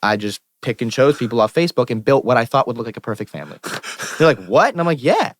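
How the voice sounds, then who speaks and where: A young man with a Pittsburgh accent, a musician guest telling stories on a podcast in an animated, profane way and acting out the people he quotes. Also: mid-range voice, quick pace, no room sound, clean studio sound. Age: young adult. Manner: animated, profane, quotes himself and others in lively asides. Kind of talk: casual podcast storytelling. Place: podcast studio.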